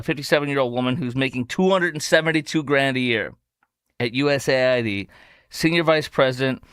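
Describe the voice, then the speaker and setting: A man's voice: medium pitch, fairly bright tone, no echo, studio quality. A man hosting a political commentary show, talking in a sarcastic, mocking way. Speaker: host.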